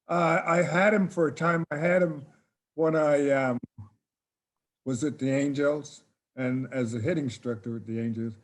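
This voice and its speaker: A man's voice: fairly high pitch, moderate pace. Older guy spinning a laid-back story, plays out the back-and-forth in conversation. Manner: relaxed anecdotal telling, reenacts dialogue with "I says". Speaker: interview guest, former ballplayer. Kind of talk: casual storytelling.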